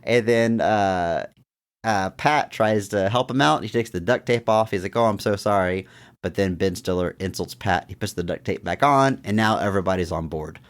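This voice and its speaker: A man's voice: sits low, moderate pace. A man co-hosting a movie podcast, chatting casually and acting out lines from scenes. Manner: animated, acts out quotes from scenes. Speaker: podcast co-host.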